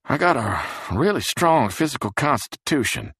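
A man's voice: mid-range voice, big pitch swings, moderate pace, fairly bright tone, husky, no room sound, voice pushed up. A man voicing a thick-voiced, sour grumbler. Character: sick, crude, grumbling man.

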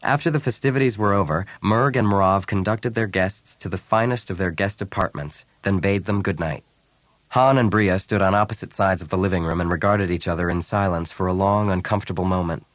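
Deep male audiobook narrator, calm and even storytelling, dry close sound. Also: a little fast, dry recording. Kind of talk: scripted narration.

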